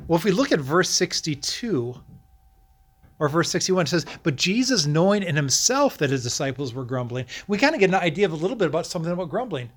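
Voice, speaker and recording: Man preaching with animated questions. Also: fairly high pitch, quick pace. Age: middle-aged. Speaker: pastor. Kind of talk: sermon.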